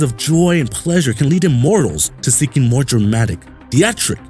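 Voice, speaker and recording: A man's voice: mid-range voice, sing-song, moderate pace, few pauses, darkish tone, soft background music. A man hosting a comedic podcast, rambling through his topic with crude jokes. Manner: rambling, crude and jokey, slipping into silly voices and laughs. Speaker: podcast host.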